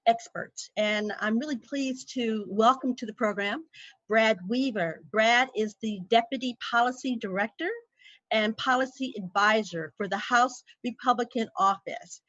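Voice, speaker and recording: A woman hosting a virtual town hall, introducing a guest in a formal, measured way. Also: on the high side, fairly bright tone. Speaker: host. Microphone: video call. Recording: dry, dull video call audio.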